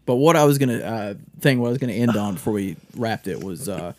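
A man's voice: lowish voice, lively intonation, fast, a little mellow, no echo. A man co-hosting a casual podcast, rambling and restarting his sentences and swearing freely. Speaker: podcast co-host. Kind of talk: casual chat.

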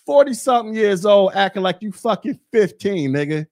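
A man's voice: sits high, expressive, moderate pace, a little mellow. A man in his forties hosting a podcast, ranting bluntly with mocking, profane talk. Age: 40s. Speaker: podcast host. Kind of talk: casual rant.

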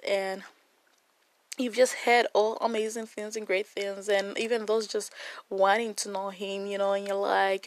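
A woman's voice: medium pitch, little pitch movement, unhurried, no room sound. A woman hosting a casual Bible devotional, talking earnestly and emotionally to her viewers with lots of fillers. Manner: warm, earnest and emotional, with many fillers and laughs. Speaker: Bible study host.

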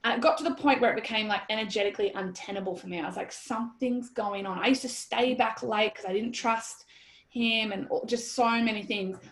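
An Australian woman in her thirties telling a story in an interview, animated and blunt, quoting herself and swearing freely. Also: a little high, brisk. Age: 30s. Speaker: guest. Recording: roomy echoey sound.

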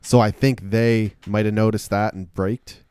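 A man's voice: fairly low pitch, fairly even intonation, unhurried, darkish tone, clean tone, no room sound. A man in a casual chat who swears freely and teases the others. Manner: swearing, teasing interjections. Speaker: podcast co-host.

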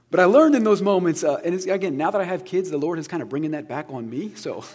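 A man's voice: fairly high pitch, animated, fast, few pauses, darkish tone, husky. A man preaching a sermon as a pastor, earnest and conversational with touches of humor.

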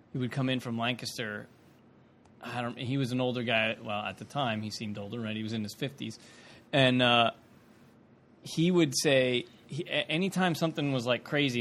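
A man co-hosting a live podcast in a comic shop, telling a relaxed anecdote. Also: mid-range voice, slight background noise. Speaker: podcast co-host. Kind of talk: casual storytelling chat.

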